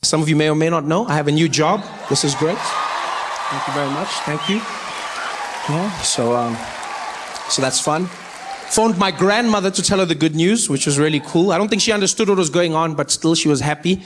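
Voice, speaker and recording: A man's voice: on the high side, normal speed, over a noisy crowd, very noisy. A man in his thirties with a South African accent doing a stand-up set, acting out characters with big jumps in his voice. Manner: animated storytelling, acts out characters with big voice jumps. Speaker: stand-up comedian. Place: stage before a live audience.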